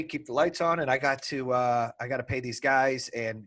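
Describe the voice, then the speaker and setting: Speaking a little fast in a mid-range voice with hardly any pauses, a man relates building his business. His telling is spirited and honest, laced with casual profanity, and he voices both sides of old arguments.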